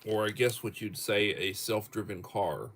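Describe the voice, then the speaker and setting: A man's voice: on the low side, fairly bright tone, slight background noise. A middle-aged man hosting a casual livestream, reading topics aloud with chuckles. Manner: slow, chuckling, reads viewer topics aloud. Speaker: livestream host.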